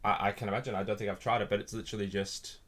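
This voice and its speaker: A man's voice: lowish voice, little pitch movement, rapid-fire. A young man co-hosting a podcast, chatting casually with a jokey manner and frequent laughs. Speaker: podcast co-host. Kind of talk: casual chat. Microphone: studio microphone.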